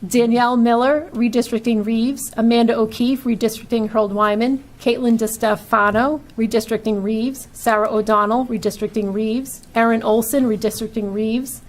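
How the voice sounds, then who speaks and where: A woman's voice: on the high side, fairly even intonation, moderate pace, hardly any pauses. A woman with a Boston-area accent chairs a school committee meeting, reading a long list of names and topics and stumbling now and then. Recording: light background noise.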